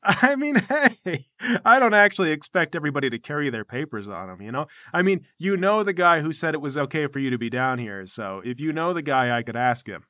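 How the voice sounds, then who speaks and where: Man doing a loud smug guild armsman, fake-friendly grin in the voice, bright tone, swooping pitch, teasing and overbearing. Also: big pitch swings, a little fast, no echo, studio quality. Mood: mocking. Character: brash, fake-jovial male guild armsman.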